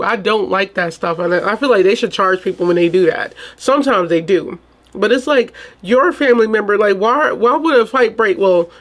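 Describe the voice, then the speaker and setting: A woman hosting a true crime channel who reads a case report and then reacts in casual, indignant chat full of rhetorical questions. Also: medium pitch. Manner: casual, chatty, addresses viewers as y'all.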